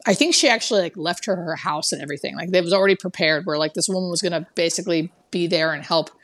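A woman's voice: lowish voice, fast, a bit bright. A woman hospice nurse telling a story in a chatty way, full of fillers, acting out the dialogue, heard over a remote call. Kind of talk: casual storytelling interview. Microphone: remote call audio.

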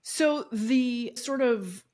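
A woman hosting a podcast interview, asking questions briskly in a conversational way. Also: a little high, a little mellow. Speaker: podcast host. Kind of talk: casual interview. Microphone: podcast call.

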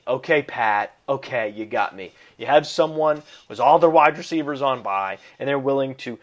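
A man's voice: medium pitch, expressive, moderate pace. A man co-hosting a fantasy football podcast in casual chat, wisecracking and emphatic, fond of puns. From Italian heritage.

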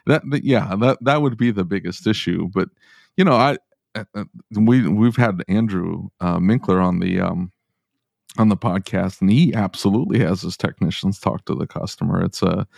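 A man with a fairly low voice hosts the podcast. He keeps it loose, throwing in playful, teasing remarks between points. The sound is dry and close. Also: vocal fry, darkish tone, no room sound. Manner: jokey, teasing, quick asides. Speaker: podcast host. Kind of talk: casual chat.

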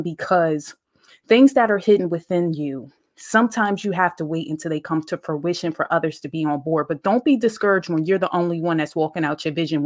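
A woman hosting a podcast, talking in a casual, preachy, faith-based monologue full of slang. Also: on the low side. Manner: conversational, preachy, uses slang and dialect grammar. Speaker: podcast host.

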